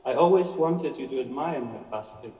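A man voicing a frail, starving man near death who speaks in a faint, whispery, slow way. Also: medium pitch, expressive, warm tone, lightly acted. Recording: echoey hall from far off.

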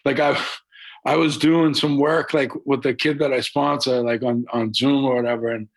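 Calling in by video from home, a man with a Boston accent, a rapper and actor, chats casually as a podcast guest. His medium-pitched voice has vocal fry and fairly even intonation at a normal speed, and the audio is poor. He's laid-back and rambles a little, with fillers.

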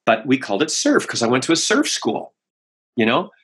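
A man, a voice actor, chatting in an interview and telling animated stories, slipping into voices as he goes. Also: medium pitch, fairly quick, husky. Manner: animated storyteller, slips into voices and impressions. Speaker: voice actor guest. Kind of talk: casual interview chat.

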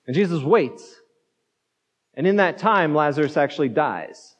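A man's voice: a little high, lively intonation, unhurried. A man pastor giving a conversational sermon, repeating words as he goes and acting out the quotes. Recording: dull muffled sound in a reverberant hall.

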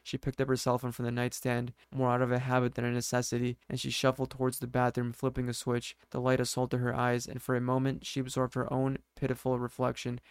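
A man narrates a dark scripted story in a measured, steady reading voice. His tone is smooth and clear, held almost level throughout, at a middling pitch. The recording is close and dry. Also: dry recording.

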